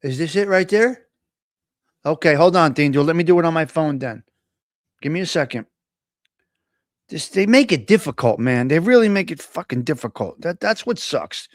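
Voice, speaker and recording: A man's voice: fairly high pitch, lively intonation, moderate pace, long pauses, no echo, clean studio sound. A man hosting a casual live stream, chatting with viewers, teasing them and reading their comments aloud. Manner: chatty, laughs often, teasing, ad-libs.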